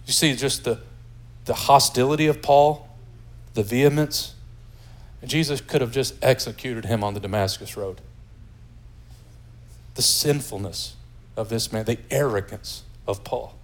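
A pastor from the United States preaching a sermon in a lively, joking, conversational way. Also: male voice, mid-range voice, moderate pace.

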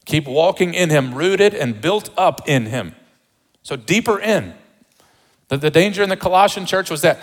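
A pastor preaching a sermon with emphasis, repeating rhetorical questions to the congregation. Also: male voice, on the high side, expressive, normal speed, long reverb tail.

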